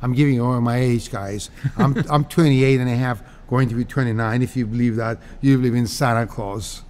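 A man in his sixties from Cyprus, telling stories as a guest in a casual interview, animated and laughing often. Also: mid-range voice, fairly quick. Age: 60s.

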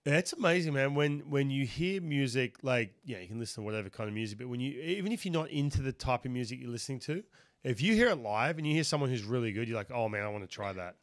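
A man's voice: medium pitch, animated, fast talker, no room sound, clean studio sound. A man with an Australian accent hosting a podcast interview, talking animatedly with a lot of restarts and fillers. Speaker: podcast host. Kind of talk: casual interview chat.

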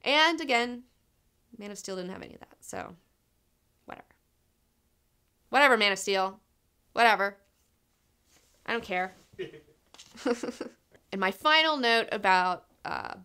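A woman's voice: mid-range voice, a bit bright, clear, resonant tone. A young woman casually reviewing comics, enthusiastic, swearing freely and saying "like" a lot.

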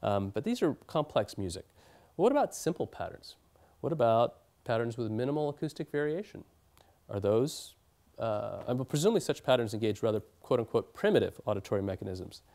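A man's voice: medium pitch, sing-song, brisk, creaky, darkish tone. A man giving an academic lecture in a hall, explaining at length with fillers and restarts.

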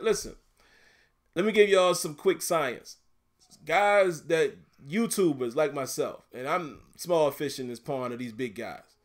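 A man with a Southern US accent hosting a casual livestream, reading viewer comments aloud in a laid-back, chatty way and laughing often. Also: on the high side. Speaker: YouTube livestream host.

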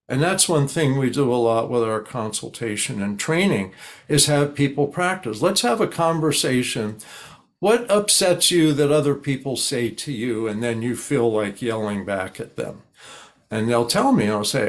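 Older male expert guest, calm and explanatory, slips into sample dialogue. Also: medium pitch, moderate pace. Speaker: guest expert on high-conflict people. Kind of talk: conversational interview.

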